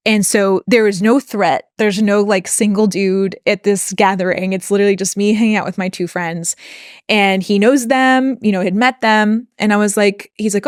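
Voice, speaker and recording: A woman's voice: mid-range voice, moderate pace, no room sound, clean studio sound. A young adult woman co-hosting a podcast, telling a personal story in an earnest, emotionally open way. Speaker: podcast co-host.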